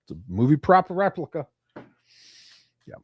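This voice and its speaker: Swearing and joking with his live viewers, a man streams casually from home with his cats. His husky voice is a little high and sing-song at a normal speed, and the muffled recording has no room sound.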